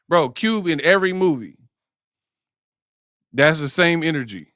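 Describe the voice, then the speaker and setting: Animated, joking male stream host. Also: a little high, a little slow, long pauses, dry recording, clean studio sound. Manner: slangy and joking, breaks into impressions. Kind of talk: live-stream sports talk.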